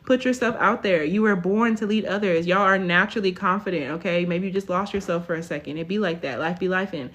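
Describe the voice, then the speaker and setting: A woman's voice: lowish voice, brisk, hardly any pauses, a bit bright. A woman in her twenties giving a casual live tarot reading, chatty, tagging almost every line with "okay?". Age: 20s. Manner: chatty, tags lines with "okay?". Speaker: tarot reader.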